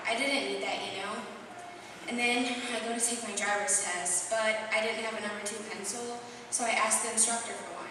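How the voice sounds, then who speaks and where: A woman's voice: medium pitch, close to an everyday voice. A tearful teenage girl , played by a woman, rambles through her complaints and keeps asking why. She is heard from a distance in a long, echoing church hall. Noise can be heard behind her. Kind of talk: church youth skit. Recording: echoey church hall, distant mic, noisy.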